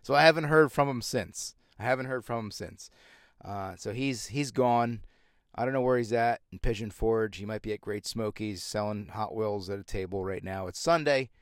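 A man's voice: on the low side, normal speed, smooth, no echo, clean studio sound. A man hosting his own show, talking in a casual, rambling monologue, sarcastic and full of restarts. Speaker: radio show host.

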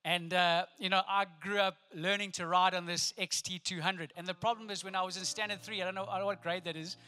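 A middle-aged South African man with a high, bright voice delivers a sermon as pastor. He tells funny stories and throws playful asides to the congregation. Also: level tone, fast, smooth. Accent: South African English.

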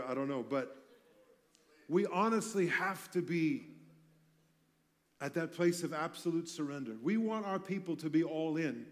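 Man preacher with a fairly high voice, delivers a fervent sermon that swells loud and drops soft, with quick jokes. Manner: passionate, with wide swings in loudness and light humorous asides.

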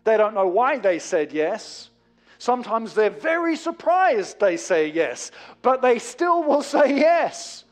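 High-pitched preacher with swelling emphasis. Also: male voice, sing-song, slow pace, faint music behind. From England. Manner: rising to emphatic bursts, then dropping low and quiet. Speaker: pastor. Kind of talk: sermon.

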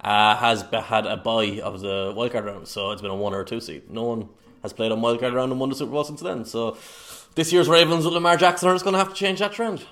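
Quick, ribbing male co-host on a podcast mic; mid-range voice, rapid delivery. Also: medium pitch, fairly bright tone. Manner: rapid, teasing, laughs often. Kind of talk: casual chat. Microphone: podcast microphone.

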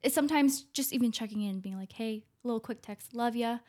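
A woman from California, a guest on a casual podcast, talking softly and haltingly, trailing off with many fillers. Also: on the high side. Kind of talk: casual chat.

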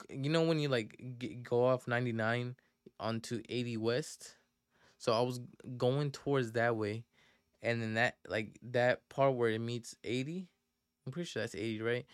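A young man tells a podcast story in loose, profane slang, stumbling and restarting as he goes. His voice is smooth and clear, at an ordinary pitch for a man. The sound is dry, with no room echo. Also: moderate pace. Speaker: podcast host. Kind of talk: casual storytelling.

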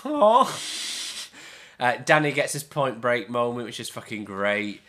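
A man chatting casually on a podcast, a little tipsy and prone to rambling asides and laughter. His voice sounds bright and clear, at an ordinary middle pitch. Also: normal speed. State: tipsy from whiskey. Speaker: podcast co-host. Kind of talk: casual film chat.

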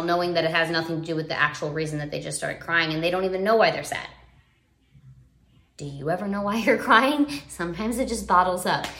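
A woman's voice: on the low side, sharp tone. A young woman talking earnestly about parenting in a rambling, casual way, full of fillers and restarts. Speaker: parenting vlogger. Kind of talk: casual live video chat. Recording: roomy echo.

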